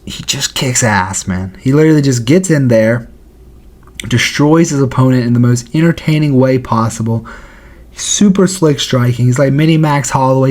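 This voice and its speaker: A man's voice: medium pitch, darkish tone. A man hosting a casual video countdown, talking in a slangy, joking way. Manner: slangy and jokey. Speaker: YouTube host. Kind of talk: casual commentary.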